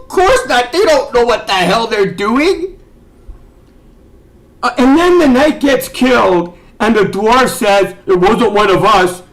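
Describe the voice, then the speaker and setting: A man's voice: sits high, fairly bright tone, a little hiss or hum, rough recording. A man ranting as a video reviewer, exasperated and sarcastic, swearing and stumbling over restarts as he talks. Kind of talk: ranting commentary.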